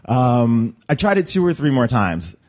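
A young man telling a personal story to a room, lively, with high squeaky voices for quotes. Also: unhurried. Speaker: storyteller at a workshop.

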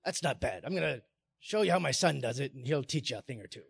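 A man giving a playful live talk on stage, coaxing his audience through pirate-voice warm-ups. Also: mid-range voice, lively intonation, quick pace, gravelly, breathy edge. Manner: hammy pirate-voice delivery, coaxing the crowd. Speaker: conference speaker.

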